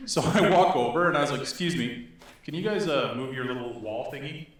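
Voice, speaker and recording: Animated man telling a story in an echoey hall. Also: medium pitch, brisk. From Northern Alberta, Canada. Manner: animated, laughing, acts out quoted voices. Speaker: speaker. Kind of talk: storytelling to an audience. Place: synagogue hall.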